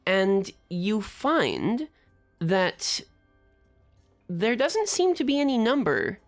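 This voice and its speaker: Slow, expressive woman narrating a game. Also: mid-range voice, faint music behind. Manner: descriptive, meandering narration. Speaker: game master.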